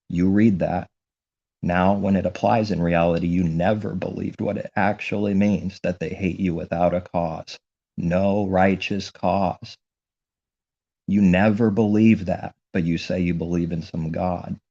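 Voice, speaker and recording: A man's voice: low voice, gravelly, dark tone, slightly rough, highs cut off. A man delivering an impassioned, indignant religious monologue, repeating his points as he preaches. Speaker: religious commentator.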